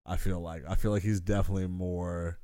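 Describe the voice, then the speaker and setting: A man's voice: sits low, level tone, brisk, warm tone, no echo, studio quality. A young man in casual podcast banter, wryly needling his friend with questions.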